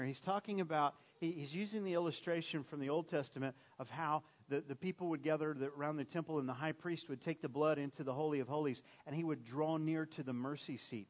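Male pastor, fairly high voice, relaxed conversational sermon, muffled lo-fi sound. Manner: conversational preaching, checks in with listeners with "okay?".

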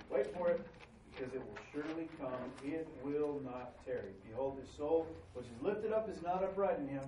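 A man preaching a sermon in a conversational, animated way, acting out quotes in voices. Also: fairly high pitch, far from the mic, slight background noise. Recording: roomy sound from away from the mic.

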